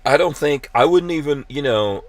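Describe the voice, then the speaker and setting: Halting podcast host reading chat. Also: male voice, a little high, animated. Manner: halting, many fillers and restarts. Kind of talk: casual chat, reading live chat comments.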